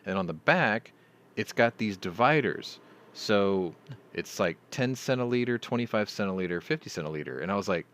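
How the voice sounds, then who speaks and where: A man's voice: fairly low pitch, animated, moderate pace, fairly bright tone. A middle-aged man hosting a casual live chat, rambling through stories and swearing freely. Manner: profane, rambling storyteller. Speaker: host.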